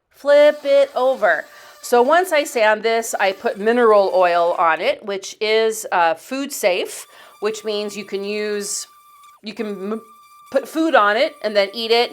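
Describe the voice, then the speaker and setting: A woman in her fifties narrating her home project in a rambling, chatty way, drifting into stories and asides. Her voice is smooth and clear, sitting at an ordinary middle pitch. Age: 50s. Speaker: DIY channel host. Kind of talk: casual storytelling voice-over.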